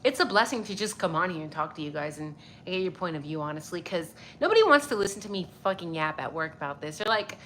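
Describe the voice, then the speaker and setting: A woman's voice: fairly low pitch, animated, fast, hardly any pauses, a bit bright, a little hiss or hum. A young woman hosting a casual livestream, greeting viewers by name and swearing freely, a little stuffy-nosed. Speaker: livestream host. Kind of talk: casual livestream chat reading viewer comments.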